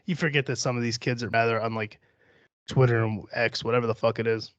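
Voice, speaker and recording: Young dude podcasting alone, swears constantly, argues with himself, mid-pitch voice. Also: male voice, steady tone, fast, dry recording. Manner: profane, self-mocking, talks to himself. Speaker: podcast host. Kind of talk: solo rambling podcast rant. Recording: dry, slightly dull home recording.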